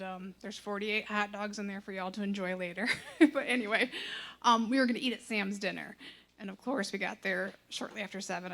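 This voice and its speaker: A woman, telling a personal testimony in a casual, animated way and acting out the voices in it. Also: mid-range voice, creaky. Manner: chatty, animated, acts out quoted lines. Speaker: church member sharing a testimony.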